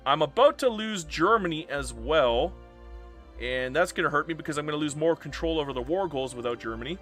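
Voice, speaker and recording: A man's voice: fairly high pitch, lively intonation, a little fast, a bit bright, soft background music. A man streaming live gameplay commentary, dramatic and self-mocking, swearing freely. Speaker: game streamer.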